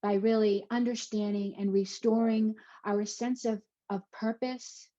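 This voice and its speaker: A woman's voice: mid-range voice, little pitch movement, a little slow, dark tone. Effusive chatty woman, lo-fi webinar audio. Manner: chatty and effusive, many fillers and exclamations. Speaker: webinar presenter. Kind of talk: casual live webinar talk.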